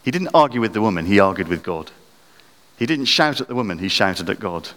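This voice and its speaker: A man's voice: lowish voice, sing-song, a little fast, a bit bright. Preacher man in a reverberant hall. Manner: dramatic, rising sharply when acting out quoted prayers. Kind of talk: sermon.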